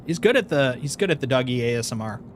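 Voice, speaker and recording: A man, chatting casually on a gaming stream with folksy, drawn-out exclamations. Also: medium pitch, expressive, a little hiss or hum. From American Midwest. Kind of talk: casual chat.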